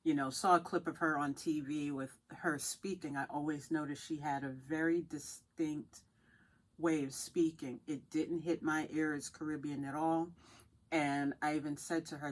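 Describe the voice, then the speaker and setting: A woman's voice: sits low, flat delivery, measured pace. A woman co-hosting a podcast, talking things through thoughtfully in casual chat. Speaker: podcast co-host.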